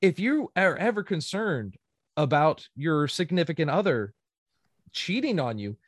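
A man co-hosting a casual podcast chat, animated and joking, laughing often. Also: a little high, unhurried, no room sound, studio quality. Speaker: podcast co-host.

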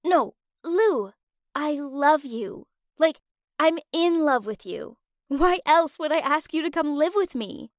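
A woman voicing a glamorous young woman who talks hesitantly, with dramatic pauses. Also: high voice, no room sound, clean studio sound, voice pushed up. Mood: tipsy, confessing. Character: glamorous young woman, model, secretly in love.

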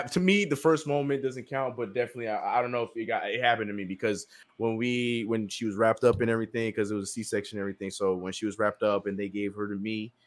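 A man in casual chat about fatherhood, talking haltingly with many restarts and laughs. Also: fairly low pitch, fairly bright tone. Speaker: podcast co-host, father.

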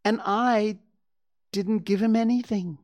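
A woman's voice: medium pitch, takes it slowly, a little mellow, no echo, clean studio sound, lightly acted. A woman voicing a young boy who sounds wistful and sorry. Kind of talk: storybook reading.

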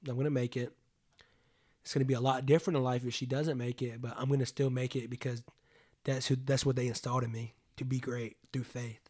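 A man's voice: medium pitch, level tone, fairly quick, a little mellow. A man in his late twenties telling a personal story in a casual, rambling way, leaning on "like" and swearing freely. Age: 20s.

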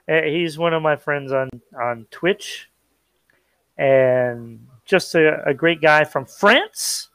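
A man's voice: on the high side, slow, fairly bright tone, smooth, dry recording. A man co-hosting a pop culture podcast, chatting casually, plugging the show's channels and joking around. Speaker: podcast co-host. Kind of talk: casual chat.

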